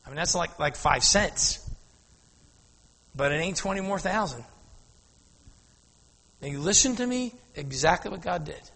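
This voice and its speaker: A man preaching a storytelling sermon, animated, calling out to the congregation for an amen and telling them to watch. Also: a little high, a little slow, gravelly, long pauses, husky. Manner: animated, asks the crowd "Amen?", often says "now watch". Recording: long hall reverb.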